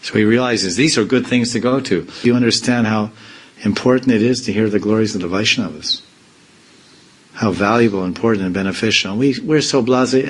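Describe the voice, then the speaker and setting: A swami speaking in an informal spiritual discourse, rambling from point to point with playful asides. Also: male voice, on the low side, brisk, poor audio. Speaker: swami giving a spiritual talk. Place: temple community in India.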